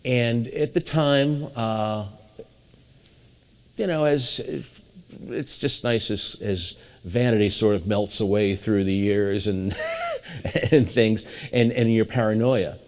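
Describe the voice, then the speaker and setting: Low-voiced man telling rambling stories. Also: fairly even intonation, slow, a little mellow. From New England, USA. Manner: rambling anecdotal storyteller, acting out quoted voices. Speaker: guest mentalist. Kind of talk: storytelling interview.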